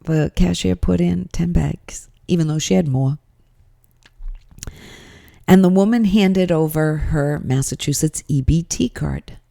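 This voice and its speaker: A woman's voice: lowish voice, creaky, mellow, dry recording, clean studio sound. A woman podcast host telling a story in a monologue, emphatic and exasperated.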